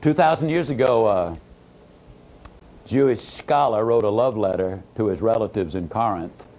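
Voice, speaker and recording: A man giving a motivational speech, telling a story with dramatic swings between emphatic and hushed phrases. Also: fairly low pitch, moderate pace. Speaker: motivational speaker.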